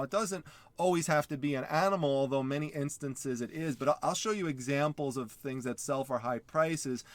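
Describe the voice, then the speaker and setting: A man's voice: a little high, no echo. A man with a New York accent hosting a reselling vlog, explaining items in a rambling way with many "uh" fillers and restarts. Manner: enthusiastic about word origins. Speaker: reseller channel host.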